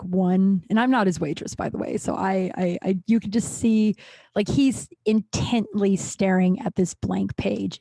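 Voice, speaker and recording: Profane, rambling woman podcast host. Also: no echo. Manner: profane, rambling, animated, with sudden jumps in pitch. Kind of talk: casual storytelling monologue.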